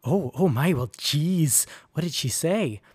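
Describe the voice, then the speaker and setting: A man voicing a skinny, timid male barber with a high, nasal voice who stammers when flustered. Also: expressive, slow, husky, full character voice. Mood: eager.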